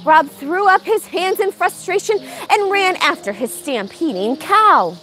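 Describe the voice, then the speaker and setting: A woman's voice: very high-pitched, unhurried, faint music behind. A woman reading a picture book aloud for storytime in a farm barn. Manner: animated, expressive.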